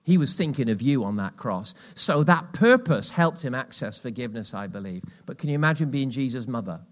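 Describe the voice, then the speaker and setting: A man's voice: medium pitch, animated, brisk. Emphatic male pastor preaching in church. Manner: emphatic, swings from loud exhortation to hushed asides. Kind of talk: live church sermon.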